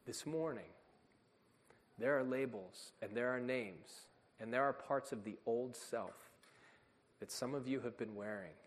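A man of middle pitch delivers a sermon as a pastor, earnest and emphatic. His voice rings out through a church sanctuary, with a long reverb trailing every phrase. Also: unhurried.

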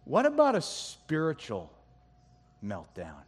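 A middle-aged man preaching a sermon, animated and jokey, acting out complaints with his voice climbing higher. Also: slow pace, breathy edge. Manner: animated, jokey, acts out complaints with rising pitch. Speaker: pastor. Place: church sanctuary. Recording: long reverb of a large hall.

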